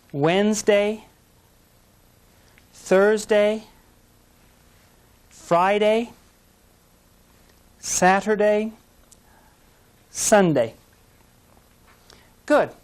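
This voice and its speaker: Woman, English teacher, very slow deliberate delivery, patient, encouraging, studio course tape. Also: medium pitch, a little mellow. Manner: patient, encouraging, models words slowly for repetition. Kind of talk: slow, clear pronunciation lesson. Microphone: studio mic, language course tape.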